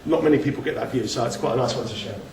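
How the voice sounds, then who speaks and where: A man's voice: medium pitch, racing, darkish tone, slight background noise. Chatty man in an echoey hall. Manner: chatty, self-deprecating, with frequent restarts and chuckles. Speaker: speaker giving a talk. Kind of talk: casual talk with slides. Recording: echoey room, mic at a distance.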